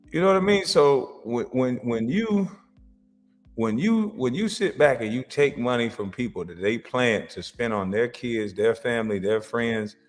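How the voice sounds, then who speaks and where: Animated man reacting, echoey hall. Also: mid-range voice. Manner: animated, laughing, swings from loud to muttered. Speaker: reaction video host. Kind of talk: casual reaction commentary.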